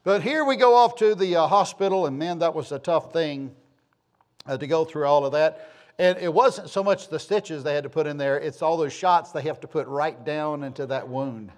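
A man's voice: on the high side, moderate pace. A middle-aged man from the southern United States tells a rambling, homespun personal story with self-deprecating humor.

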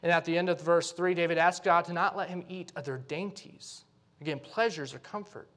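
A man's voice: fairly high pitch, fairly even intonation, a little fast, fairly bright tone. A man preaching a sermon, earnest, and pleading when he voices the prayers, with frequent "right?" asides to the congregation.

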